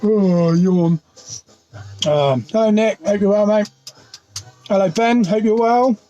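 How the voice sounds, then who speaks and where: A man's voice: high voice, animated, moderate pace, warm tone, lo-fi sound. A man hosting a casual pub quiz livestream from inside his van, talking into his phone and greeting viewers by name. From United Kingdom. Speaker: quiz host.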